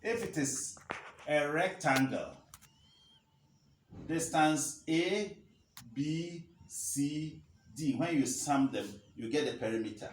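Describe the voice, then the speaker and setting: A man teaching a math lesson, slowly repeating key phrases for emphasis. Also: a little high, far from the mic, slight background noise. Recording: roomy echo, faint ambience.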